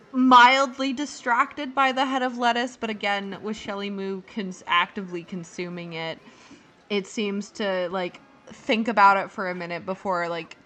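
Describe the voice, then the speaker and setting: A woman's voice: mid-range voice, pushed and bright. A woman narrating a live tabletop game as dungeon master, rambling with many fillers.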